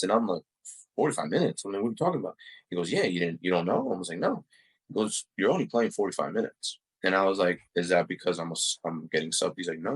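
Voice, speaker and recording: Young male podcast guest, low raspy voice, loose rambling storyteller full of fillers. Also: poor audio. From Uruguay and the United States. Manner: fills speech with "like" and "you know". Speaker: podcast guest, soccer player. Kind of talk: casual storytelling interview.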